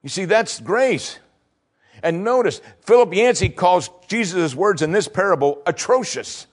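A man's voice: sits high, expressive, unhurried. A male pastor preaching a sermon, reading scripture and pressing points with rising, emphatic questions.

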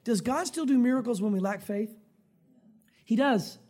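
A man preaching a conversational sermon, acting out prayers and voices with sudden shouts. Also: very high-pitched, normal speed. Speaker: pastor.

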